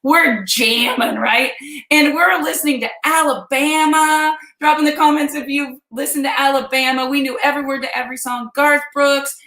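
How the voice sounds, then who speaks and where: Talkative woman from kansas, fifties, telling her followers a story, bright tone, echoey room. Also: high-pitched, normal speed. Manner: chatty, animated, addresses viewers directly. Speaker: vlog host. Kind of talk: personal storytelling to viewers. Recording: roomy echo.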